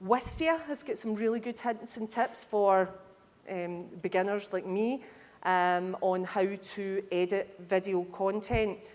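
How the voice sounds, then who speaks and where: A woman speaking to a live audience at a conference, lively and candid, with humorous asides. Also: mid-range voice, unhurried. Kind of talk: conference talk. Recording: hall reverb.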